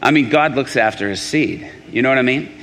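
A man's voice: mid-range voice, fairly quick, a little hiss or hum. Man telling a testimony in a reverberant hall. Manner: animated storytelling with restarts and acted quotes. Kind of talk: testimony sermon.

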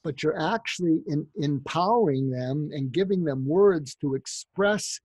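A counselor talks through parenting anecdotes, acting out the people in his stories. His voice is husky and mellow, pitched slightly high. The sound is close and dry. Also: unhurried, no room sound. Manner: animated storyteller, acts out quoted voices. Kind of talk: anecdotal advice in conversation.

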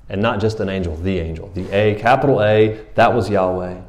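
A middle-aged man preaching a sermon, telling a story in a casual, animated way with slang and laughs. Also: on the low side, fairly quick, few pauses. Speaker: pastor.

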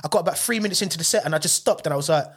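Rapid, high-voiced man, comic guest, loose and rambling with slang. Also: breathy edge. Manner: rambling, animated storytelling with slang. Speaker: podcast guest, comedian. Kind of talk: casual chat.

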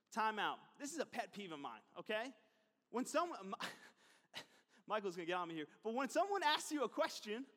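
A man with a very high voice delivers a sermon as a pastor. He keeps it conversational, with asides, repeated phrases and quick questions to the crowd. His voice rings out with a long reverb in a church hall. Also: pushed and bright.

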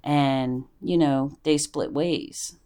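Middle-aged woman host, lower-pitched, blunt and animated in casual conversation. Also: extremely slow, clean tone. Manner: animated, blunt storyteller with swearing. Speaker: podcast host. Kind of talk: casual storytelling chat.

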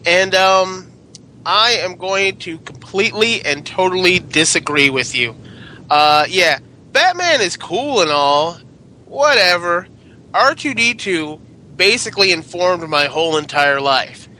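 A man hosting a casual panel chat, excitable and swearing freely as he calls for votes. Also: high voice, measured pace, slight background noise. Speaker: podcast host.

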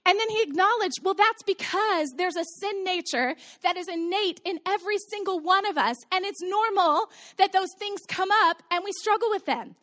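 A woman's voice: very high-pitched, moderate pace, hardly any pauses, a bit bright. A woman in her thirties preaching a sermon to her congregation in a conversational way, telling stories and asking rhetorical questions. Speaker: pastor. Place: church sanctuary with congregation.

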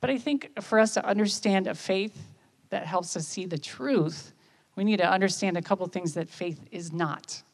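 A woman, giving a conversational sermon and often checking in with listeners with quick questions. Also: medium pitch. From United States. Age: 50s. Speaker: speaker at church.

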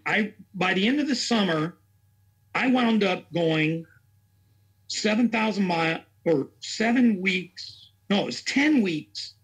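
A man from Tennessee who works as a racing chaplain tells his story in an interview, rambling and earnest, acting out what other people said. His voice is on the high side, a bit bright and husky.

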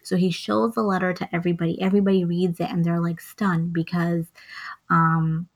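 A woman's voice: fairly low pitch, brisk. A woman in casual chat, retelling a movie plot with lots of acted-out lines. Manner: animated storytelling, acts out lines and hums songs. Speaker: co-host recapping a film.

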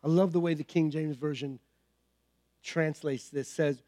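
A man's voice: fairly high pitch, fairly even intonation, measured pace, mellow, no room sound, studio quality. A pastor preaching a sermon with fervent emphasis, repeating key phrases and calling out to his congregation.

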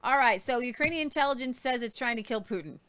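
A woman's voice: fairly high pitch, fast, crowd noise. A woman hosting a casual news show, earnest and a little preachy, stumbling over foreign names. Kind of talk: casual news commentary with faith talk.

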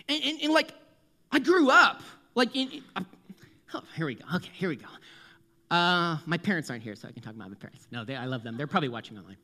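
A young man from the US East Coast delivers a sermon in a high, bright voice. His delivery is animated and self-mocking, with a lot of stumbles and restarts. His pitch swings widely as he moves between earnest points and jokes. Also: brisk, pauses often. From Connecticut, US East Coast. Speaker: preacher.

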